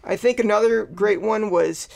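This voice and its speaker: A man's voice: high voice, moderate pace, vocal fry, darkish tone. A man co-hosting a podcast in rambling, sarcastic casual chat, swearing freely. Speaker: podcast co-host.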